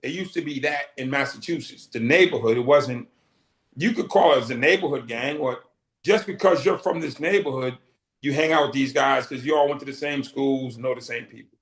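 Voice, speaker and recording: A man's voice: medium pitch, fairly quick. Boston guy in his middle years telling stories, acts out the quotes, echoey room. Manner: vivid storyteller who acts out quoted dialogue. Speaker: interview guest. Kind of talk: casual storytelling in an interview. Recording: roomy echo.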